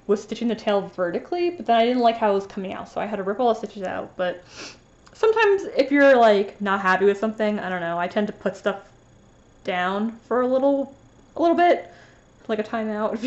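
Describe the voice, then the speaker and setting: Sniffly after a sneeze, this woman shows off her finished cross-stitch pieces in a casual, rambling vlog, lisping slightly and full of fillers and restarts. She speaks at a moderate pace in an animated, mid-range voice, on a recording with the highs cut off.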